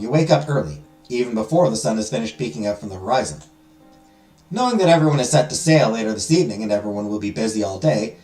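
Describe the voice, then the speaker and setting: Hosting a let's play, a man reads a visual novel aloud with dramatic flair and joking asides. His voice is lowish and darkish, and the recording has a roomy echo with music underneath.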